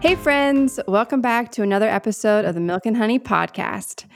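A woman co-hosting a podcast, gushing and talking quickly with many fillers. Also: fairly high pitch, expressive, gravelly, over music. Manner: gushing, fast, filler-heavy. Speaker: podcast co-host. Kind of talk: casual podcast chat.

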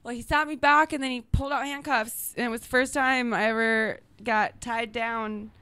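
A woman's voice: fairly high pitch, steady tone, normal speed, bright, forceful tone, clear, resonant tone, dry recording. A young adult woman chatting candidly as a podcast guest, giggling as she tells stories. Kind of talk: casual chat.

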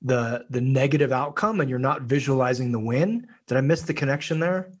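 A man's voice: medium pitch, brisk. A male podcast host who offers short interjections and asks thoughtful follow-up questions.

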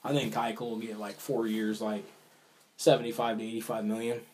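A man's voice: lowish voice, level tone, fairly quick, darkish tone, slight background noise. A man co-hosting a casual sports talk show, rambling and hedging with fillers while he weighs baseball moves. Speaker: podcast co-host.

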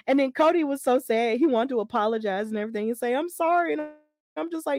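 A woman hosting a casual wrestling podcast, talking in an animated, emphatic way and repeating herself for weight. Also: sits high, quick pace, dry recording, clean studio sound. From Alabama. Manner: animated, emphatic and repetitive, venting frustration. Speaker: podcast host.

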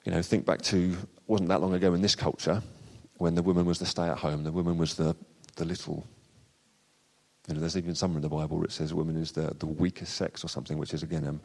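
A male preacher giving a sermon in a chatty, unscripted manner. His voice sits very low. The long reverb of a church hall follows every phrase. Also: little pitch movement, fast talker, gravelly, a little mellow. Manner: conversational, with frequent fillers and restarts.

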